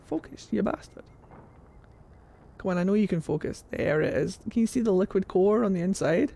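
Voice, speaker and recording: A woman streaming a video game, chatting excitably and swearing freely. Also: mid-range voice, fast, gravelly. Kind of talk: live gameplay commentary.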